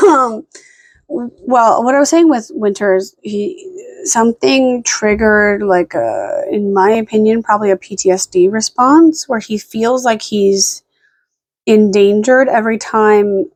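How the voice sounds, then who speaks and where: A tired woman vlogging at home late at night, rambling and swearing, snapping sharp commands at her dogs. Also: mid-range voice, measured pace, dry recording. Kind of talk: casual vlog talk.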